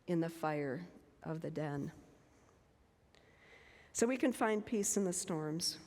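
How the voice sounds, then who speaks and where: A woman in her fifties giving a church talk with personal stories, speaking slowly and deliberately with homely asides. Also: lowish voice, a little mellow. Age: 50s. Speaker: guest speaker. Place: church sanctuary. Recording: long reverb of a church hall.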